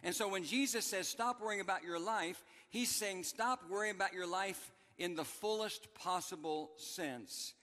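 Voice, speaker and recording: A man's voice: on the high side, fairly bright tone, in a large hall. A man preaching a sermon as pastor, emphatic and repeating his key phrases for the congregation. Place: church sanctuary.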